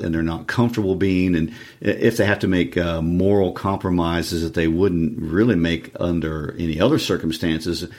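A man co-hosting a casual book discussion, measured and reflective, with frequent uhs. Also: deep voice. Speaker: book podcast co-host.

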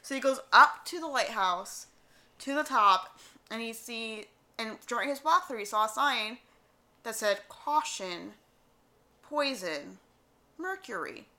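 Animated bright-voiced woman podcaster. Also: fairly high pitch, measured pace. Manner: animated storytelling, quotes others in voices. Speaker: podcast co-host. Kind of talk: casual chat.

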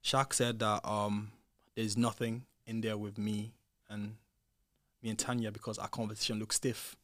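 A young British man with a fairly low voice speaks at normal speed, recorded dry with studio quality. He's a podcast guest and former reality show contestant, casually retelling events in an animated way, acting out quoted dialogue and growing loud when things get heated.

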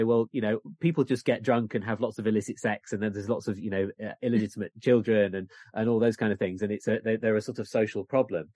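A man's voice: lowish voice, no room sound, clean studio sound. Chatty man telling history. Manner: chatty, animated storytelling with laughs. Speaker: guest author. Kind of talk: casual podcast chat.

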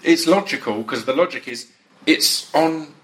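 A man hosting a relaxed chat with a fellow actor, talking in a self-deprecating way with lots of restarts, sitting at a table on the top deck of a bus. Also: a little high, unhurried. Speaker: podcast host and actor. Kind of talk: casual chat.

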